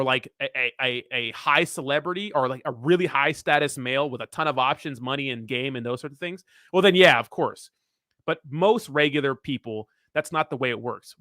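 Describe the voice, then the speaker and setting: A man's voice: mid-range voice, fairly bright tone, no echo, studio quality. A young man hosting a casual livestream, answering viewer comments in a blunt, profane, rambling way. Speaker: crypto livestream host.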